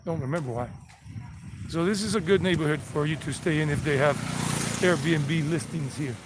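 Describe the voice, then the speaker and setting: A man's voice: on the high side, moderate pace. A middle-aged American man hosting a casual walking-tour live stream, rambling and repeating himself as he walks. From United States. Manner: rambling, repeats himself, sings song snippets. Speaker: vlog host giving a walking tour. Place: outdoors on city streets. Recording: outdoor street noise behind voice.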